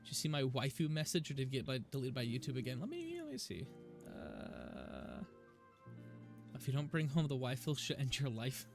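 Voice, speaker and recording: A medium-pitched American streamer with vocal fry and huge pitch swings talks at a moderate pace. Chatting casually with viewers as he plays, he rambles between topics and laughs easily over faint game music.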